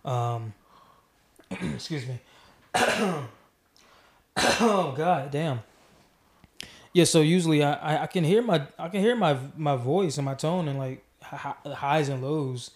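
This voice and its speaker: A man's voice: a little high, slow, long pauses. A man hosting a casual podcast, talking in a rambling way with many fillers and restarts. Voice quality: mellow. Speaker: podcast host.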